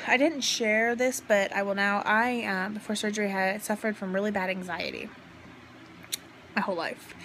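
At home indoors, a young woman vlogging casually on a handheld phone talks frankly about being in pain after surgery, rambling, swearing offhandedly, and burping. Her voice is mid-range and a bit bright, with a little hiss or hum in the recording.

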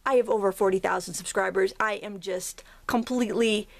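A woman's voice: medium pitch, steady tone, fairly quick, gravelly. A woman from Maine with a Maine accent, hosting a casual craft tutorial in a chatty, jokey, self-deprecating way.

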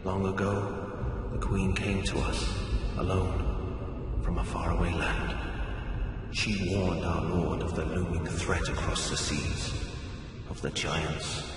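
A grave old royal chancellor. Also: male voice, low-pitched, level tone. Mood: solemn. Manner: slow, solemn, stately speech. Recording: echoey hall with game music.

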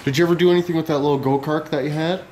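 A young man vlogging outdoors on a handheld camera, rambling and joking loudly with plenty of slang and swearing. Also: on the high side, fairly even intonation, rapid-fire, a little hiss or hum. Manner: loud, profane, joking banter with lots of slang. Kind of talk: casual rambling vlog chat.

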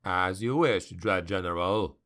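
Man playing a stiff, clipped elf highborn, low and held back. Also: measured pace, pushed and bright, smooth. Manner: terse, restrained. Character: stiff, restrained dark elf highborn warrior.

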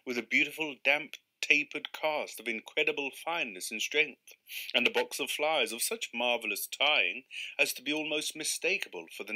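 A man's voice: medium pitch, bright, forceful tone. A man reading a comic short story aloud live, then chatting casually about it. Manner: casual, chatty asides with fillers. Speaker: reader.

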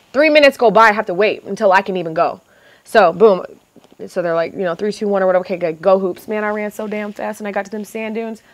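A young adult woman telling stories as a guest, animated and profane, acting out what other people said. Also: medium pitch. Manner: lively, profane, acts out other people's lines. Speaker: reality TV contestant guest. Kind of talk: animated storytelling chat.

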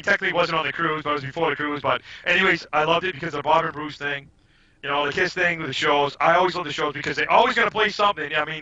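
A man guesting on a podcast, telling rambling, animated stories in casual chat and often trailing off and restarting. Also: fairly high pitch. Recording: dull lo-fi audio.

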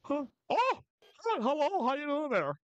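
A man putting on a high, squeaky mock-British voice as a pompous male streaming etiquette gentleman, giggly and flustered while commenting on his game. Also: wildly swooping pitch, normal speed, no room sound, muffled recording, heavily acted. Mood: playful. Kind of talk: live gameplay commentary in character.

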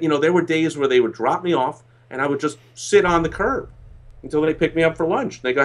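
A man's voice: a little high, fairly quick. A man who is a business coach and consultant, telling stories in an interview and acting out the voices of people he quotes. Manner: animated, acts out quoted voices. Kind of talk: interview storytelling.

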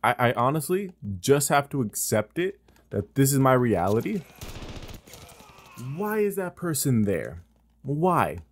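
Man streamer, mid-pitched voice that jumps all over, frustrated play-by-play full of cursing. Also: very animated, a little slow. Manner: exasperated, swearing trash talk at opponents and teammates; talks to viewers directly with rhetorical questions. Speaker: gaming streamer. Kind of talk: live gameplay commentary.

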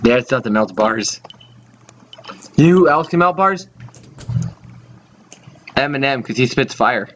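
A man cracking irreverent jokes while playing a game, with loose, mumbled asides. His pitch moves around lively. The delivery is casual, like gaming commentary. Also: a little slow, pauses often, lo-fi sound, slight background noise. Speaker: gaming youtuber. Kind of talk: comic let's-play commentary.

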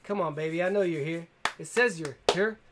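A man's voice: fairly high pitch, fairly quick, heavy background noise. Upbeat man hosting a giveaway stream. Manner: upbeat, calls out to viewers and reads comments aloud. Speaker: tool channel livestream host. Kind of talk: casual livestream giveaway chat.

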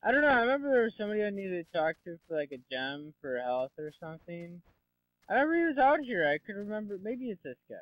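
A man's voice: high-pitched, big pitch swings, quick pace, no echo. A young man giving casual, rambling gameplay commentary, full of sarcastic asides and swearing. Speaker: let's play commentator. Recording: dull lo-fi dry mic.

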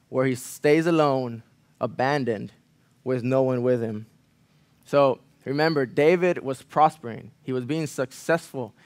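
A man preaching a sermon in a church, earnest, repeating phrases for emphasis, rising loud on key lines and falling quiet after. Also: no echo. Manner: earnest, swells louder on key lines then drops low. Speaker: pastor.

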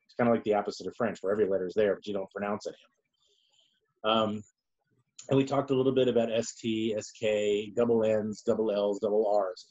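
Male lecturer, low-ish voice, halting delivery with frequent fillers, muffled recording. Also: fairly even intonation, a little mellow. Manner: halting, many ums and restarts. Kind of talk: informal lecture. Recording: dull lo-fi recording.

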